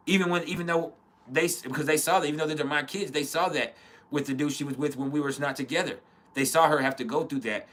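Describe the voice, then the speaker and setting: A man in his thirties speaks in an earnest, blunt way, swearing freely and restarting his sentences as he goes. His voice is bright and forward, at a middle pitch for a man. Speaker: podcast host. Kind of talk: casual spoken reflection.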